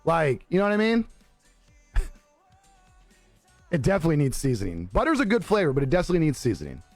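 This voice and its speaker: Talking fast with a fairly high pitch that swoops wildly, a young male streamer chats casually with viewers and reads their comments, laughing often and swearing easily. His audio is dry and close, without room sound, over faint background music.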